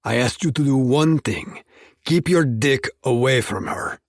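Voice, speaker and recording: A man's voice: medium pitch, measured pace, dry recording, clean studio sound, voice pushed up. A man voicing a volatile, threatening male crime-family boss who speaks in clipped, angry bursts.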